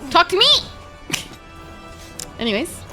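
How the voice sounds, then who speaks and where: A young woman streaming a game, chatting casually with her viewers, swearing freely and reacting excitably. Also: extremely high pitch, slow, over music. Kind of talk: casual live-stream chat.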